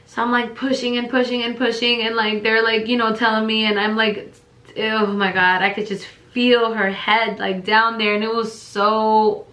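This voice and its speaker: Young woman vlogger, bright voice, rambling chatty storyteller, echoey room. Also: fairly high pitch, moderate pace. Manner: rambling, many fillers, lively quoted voices. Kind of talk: casual storytelling.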